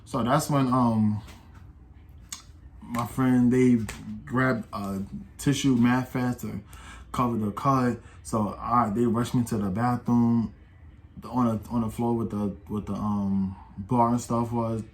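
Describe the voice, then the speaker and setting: A man's voice: medium pitch, steady tone, slow pace. An eighteen-year-old man telling a casual storytime, rambling and slangy, with many restarts and quoted voices. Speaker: vlogger.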